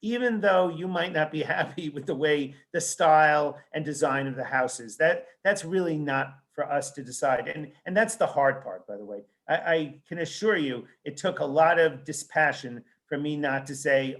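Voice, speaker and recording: Man, author guest, slightly higher voice, animated anecdotal storyteller who acts out quotes. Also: normal speed, hardly any pauses. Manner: animated storyteller acting out quoted dialogue, frequent restarts. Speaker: child psychiatrist and author. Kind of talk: conversational interview, anecdotal storytelling.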